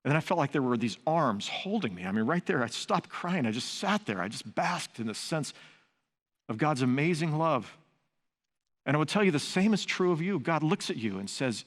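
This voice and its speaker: A man's voice: on the high side, very animated, moderate pace. An older man preaching a sermon, earnest and conversational, mixing teaching with personal stories. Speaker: pastor. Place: large church sanctuary. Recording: long reverb of a large sanctuary.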